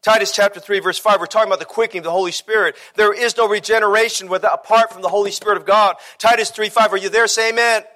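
A man's voice: sits high, fairly even intonation, fast talker, hardly any pauses, pushed and bright. A man preaching a sermon, emphatic and repetitive, putting rhetorical questions to the congregation.

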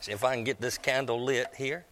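A man's voice: medium pitch, fairly even intonation, fairly quick, a bit bright. A man preaching a storytelling sermon in a folksy, musing, chatty way.

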